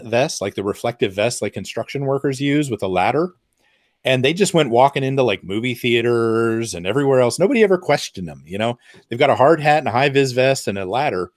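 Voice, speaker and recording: A man's voice: medium pitch, a little mellow, no room sound. Man explaining in a dry, close sound. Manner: conversational, with lots of fillers and asides. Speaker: presenter. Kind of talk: explanatory talk.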